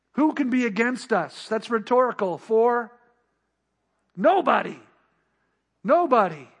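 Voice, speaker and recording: A man with a strikingly high voice preaches a sermon. He builds his points through rhetorical questions and repeated refrains, pressing each line with emphasis. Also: a bit bright. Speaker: pastor.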